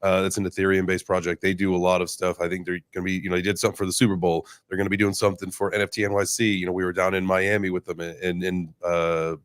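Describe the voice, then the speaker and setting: Man, podcast host, low voice, dry close sound, casual and hesitant. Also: level tone, fast talker, few pauses, dry recording. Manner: loose, hesitant, fillers, casual swearing.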